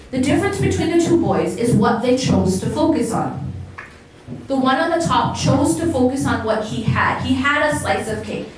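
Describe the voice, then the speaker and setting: A woman's voice: sits high, a little hiss or hum. A woman giving a religious talk to a live audience as an Islamic lecturer, engaging the crowd with questions. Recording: echoey hall, voice picked up from a distance.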